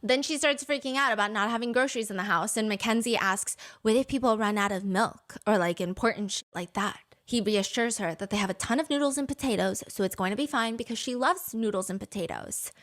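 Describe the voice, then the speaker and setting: A woman telling a story in casual chat, reading messages aloud, animated and laughing, swearing freely. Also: a little high, fairly quick, hardly any pauses.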